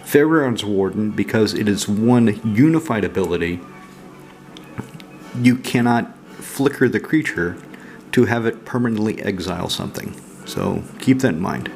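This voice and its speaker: A man casually walking through his card game deck, relaxed and rambling with frequent fillers. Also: on the low side, normal speed, gravelly, soft background music. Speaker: card game channel host.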